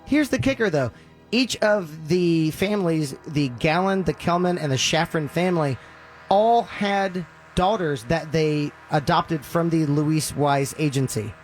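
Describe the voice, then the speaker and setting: A man hosting a podcast, casually retelling a story with lively acted-out quotes and loose fillers. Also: a little high, measured pace, faint music behind. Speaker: podcast host.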